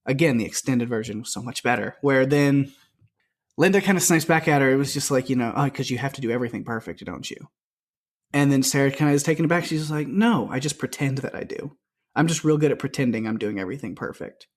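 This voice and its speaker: A man's voice: mid-range voice, fast talker. A man co-hosting a podcast, chatting loosely about a film and retelling its scenes with lots of quoted dialogue and fillers. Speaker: podcast co-host. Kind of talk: casual film discussion.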